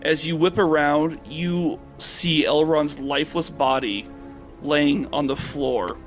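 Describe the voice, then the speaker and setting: A man's voice: fairly high pitch, fairly even intonation, slow, soft background music. Casual American man running a tabletop game. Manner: casual, hesitant with many fillers. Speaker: dungeon master.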